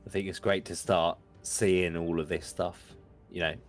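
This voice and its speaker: A man with a very deep, level voice offers measured thoughts in a relaxed stream chat. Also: faint music behind.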